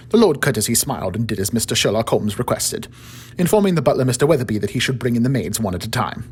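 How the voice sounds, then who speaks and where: A man calmly narrating a fictional story in a measured storytelling manner. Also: mid-range voice, slightly rough.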